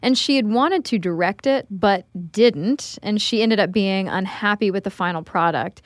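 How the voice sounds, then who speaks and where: A woman's voice: mid-range voice, moderate pace, no room sound, clean studio sound. A woman co-hosting a podcast, explaining events in an easy storytelling way. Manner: explanatory, tells facts in a storytelling way. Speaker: podcast co-host. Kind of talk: casual conversational podcast.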